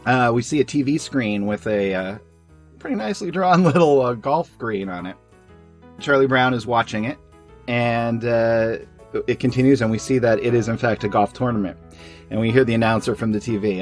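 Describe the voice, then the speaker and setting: A man's voice: mid-range voice, moderate pace, faint music behind. A man co-hosting a podcast, reading comic strips aloud in casual chat and chuckling often. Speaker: podcast co-host.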